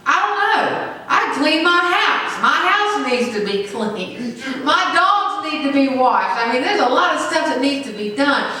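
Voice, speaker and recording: A woman's voice: high voice, bright, forceful tone. A woman pastor preaching a sermon with emphatic call-and-response. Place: church sanctuary. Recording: echoey church from far off.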